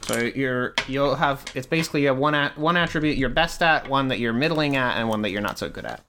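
Man, game master, explains rules, stops and restarts, mid pitch. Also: pushed and bright. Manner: halting, restarts while explaining.

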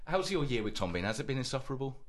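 A man hosting a radio chat show, teasing his guest with frequent laughs and halting restarts. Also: mid-range voice, sing-song. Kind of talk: casual studio chat.

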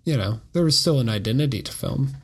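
A man's voice: mid-range voice, lively intonation, quick pace, breathy edge. A man co-hosting a casual film podcast, teasing his co-hosts in a dry way. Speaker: podcast co-host. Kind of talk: casual chat.

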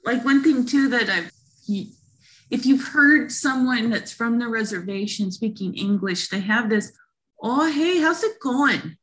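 Higher-voiced woman chatting animatedly. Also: measured pace, a little hiss or hum. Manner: animated, imitates voices while explaining. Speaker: podcast guest. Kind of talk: casual conversation.

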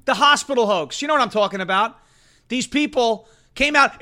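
Loud, sarcastic male political host. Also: very high-pitched, a little fast. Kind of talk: political commentary show.

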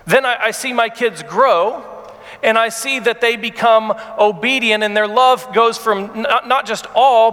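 A man in his thirties preaching a sermon, earnest and halting, with many repeated words, and he grows emotional as he speaks. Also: high voice, sharp tone, in a large hall. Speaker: pastor.

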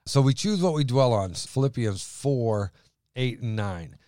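A man's voice: mid-range voice, animated, a little slow, mellow, no room sound, clean studio sound. Emphatic man reading scripture aloud. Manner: emphatic, repeats words for stress. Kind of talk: conversational faith talk.

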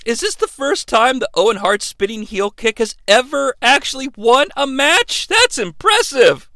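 A man hosting a comedic play-by-play recap, jokey and excitable, now and then bursting into shouted calls. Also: extremely high pitch, moderate pace, creaky, no echo. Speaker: podcast host recapping wrestling.

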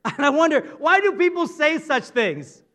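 Very high-voiced male preacher. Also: very animated, moderate pace, sharp tone. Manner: playful, conversational, asks the audience. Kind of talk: sermon.

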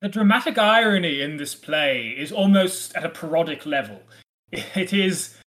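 Guy on a podcast, slightly high voice, animated, does little voices for quotes. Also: moderate pace. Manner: animated, acts out quoted lines with laughs. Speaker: podcast co-host. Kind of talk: casual literary discussion.

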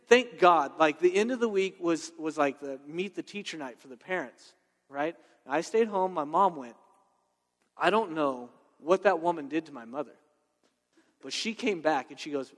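A man preaching a sermon in a conversational, animated way, full of personal stories and checking in with "right?". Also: sits high. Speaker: pastor. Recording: long reverb of a large hall.

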